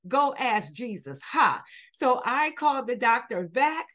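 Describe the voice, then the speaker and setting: A woman who is a minister, telling her personal testimony in an animated way and acting out both sides of each exchange. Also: fairly high pitch, measured pace. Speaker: guest, minister. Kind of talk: storytelling testimony.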